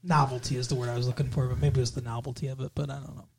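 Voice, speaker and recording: A man's voice: medium pitch, little pitch movement, racing, gravelly, slight background noise. Rambling male podcast host. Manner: rambling, trails off and self-corrects. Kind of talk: casual chat.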